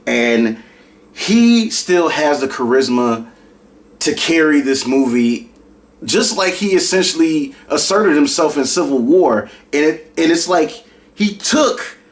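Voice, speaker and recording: A man's voice: a little high, lively intonation, slow pace. A man giving a casual, enthusiastic movie review on his channel.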